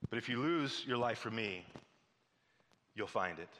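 Bright-voiced male pastor in a reverberant hall. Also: medium pitch, a little slow, a little hiss or hum. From Missouri. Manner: animated storytelling, drops to a soft hush for appeals. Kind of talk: sermon.

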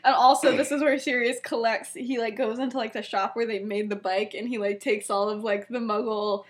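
A woman's voice: a little high, steady tone, a little fast. A young woman co-hosting a podcast, casually retelling a story with frequent giggles and lots of filler words. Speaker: podcast co-host.

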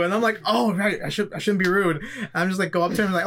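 A man's voice: sits high, steady tone, fast talker, fairly bright tone. A young man, a podcast co-host, telling a rambling story in casual chat and acting out what everyone said. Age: young adult. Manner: rambling storyteller, acts out quotes. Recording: scuffed in-person audio.

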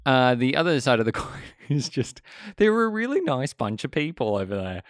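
A man's voice: mid-range voice, very animated, normal speed, dry recording, clean studio sound. An Australian man in his thirties hosting a podcast, chatting casually and rambling with frequent laughs. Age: 30s. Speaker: podcast host.

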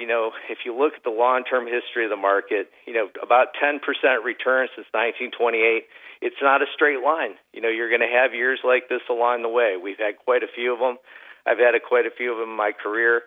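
A man giving a relaxed radio interview as an investment advisor, telling folksy stories with lots of "you know" fillers. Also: mid-range voice, narrow, tinny audio. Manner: folksy storyteller, many fillers. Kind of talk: casual radio interview chat.

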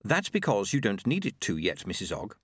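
A man voicing a calm, determined young woman. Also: fairly low pitch, breathy edge, no echo, studio quality, heavily acted. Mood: probing. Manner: measured, gentle but persistent.

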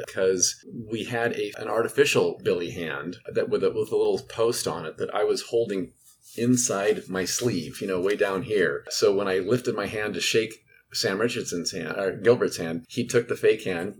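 A man telling stories as an actor in an interview, animated and enthusiastic, laughing often. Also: fairly low pitch, slight background noise. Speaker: guest actor. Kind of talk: interview storytelling.

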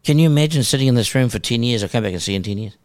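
A middle-aged man with a New Zealand accent, a podcast guest telling stories in casual chat, animated and dotted with "you know" and "bro". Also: mid-range voice, very fast, no echo, clean studio sound.

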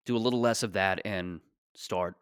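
A man's voice: low voice, moderate pace, clean tone, no echo, studio quality. A man in his late twenties hosting a solo podcast, talking casually in a rambling, joking, self-deprecating way. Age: 20s. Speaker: podcast host.

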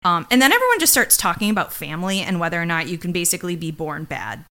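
A chatty woman podcast co-host with a bright, forward voice that swings widely in pitch. She recaps a TV episode in a casual, joking way and drops into mocking impressions of the characters. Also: fast talker. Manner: animated, jokey, quotes characters in mocking voices.

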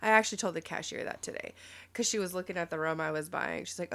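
A woman's voice: fairly low pitch, quick pace, creaky, a bit bright. A woman, co-hosting a podcast in a rambling, chatty way and laughing easily. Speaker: podcast co-host. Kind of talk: casual chat.

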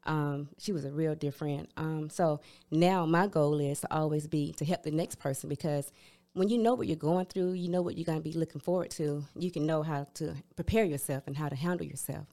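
A woman's voice: low voice, fairly quick, warm tone. A woman, a guest telling her story candidly and upbeat, with many fillers. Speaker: guest, cancer survivor. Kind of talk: casual interview chat.

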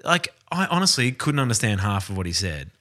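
A man's voice: on the low side, very animated, a little fast, bright, forceful tone. A man co-hosting a film podcast in casual chat, joking and opinionated. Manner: joking, opinionated, acts out quoted voices. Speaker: podcast co-host.

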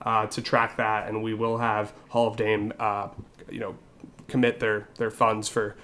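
A man's voice: lowish voice, completely flat delivery, measured pace, fairly bright tone. A man co-hosting a casual fantasy football podcast, explaining league rule changes in a hesitant way with many fillers and restarts. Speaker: league commissioner and podcast co-host.

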